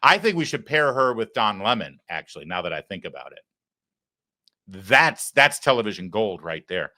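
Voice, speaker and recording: A man's voice: lowish voice, big pitch swings, moderate pace, sharp tone. A man hosting a political talk show, delivering mocking commentary with wry asides.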